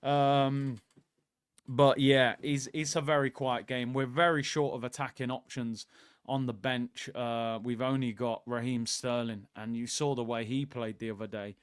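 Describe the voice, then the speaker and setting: A man's voice: mid-range voice, steady tone, measured pace, clean tone, no room sound, studio quality. Casual man hosting a football watchalong. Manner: casual, opinionated, conversational, addresses viewers directly. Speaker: host of a live football watchalong. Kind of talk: live watchalong commentary, reading out chat.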